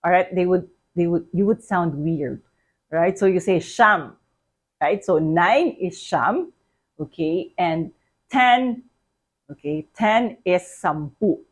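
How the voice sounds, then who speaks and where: Filipino lady teaching a lesson, kinda low voice, super slow and patient, keeps saying "can you say that for me". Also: animated. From Philippines. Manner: patient, repeats words and asks the listener to say them back. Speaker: language teacher. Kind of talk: language lesson.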